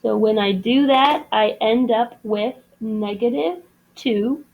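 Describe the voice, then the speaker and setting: A woman's voice: on the high side, slow, phone-quality sound. A woman teaching a math lesson, explaining patiently step by step. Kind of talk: recorded classroom lesson.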